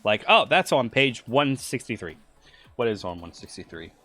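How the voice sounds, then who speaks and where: A man streaming while he runs a tabletop game. He talks at a middle pitch and rambles off topic. He stumbles over words and restarts a lot, with faint music behind him. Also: big pitch swings, normal speed, sharp tone. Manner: rambling, stammering restarts, easily sidetracked.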